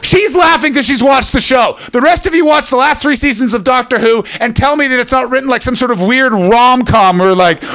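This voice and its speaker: A man doing live stand-up at a comedy venue on a stage mic, ranting fast and profanely and chatting with the crowd. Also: very high voice, no echo. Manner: rapid, profane, animated ranting. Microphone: stage microphone.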